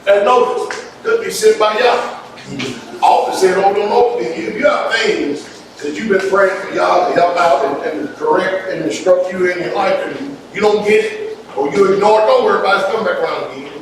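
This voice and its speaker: A man preaching a sermon as pastor, lively and folksy, with call-and-response and sudden shouts. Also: high-pitched, a little fast, noisy background. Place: church hall. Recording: echoey hall from far off. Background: congregation laughter.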